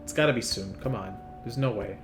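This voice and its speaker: A man's voice: fairly low pitch, music in the background. Joking, foul-mouthed man playing a game. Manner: joking, profane, rambling, quick to laugh. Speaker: let's play commentator. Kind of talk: casual gameplay commentary, reading game dialogue aloud.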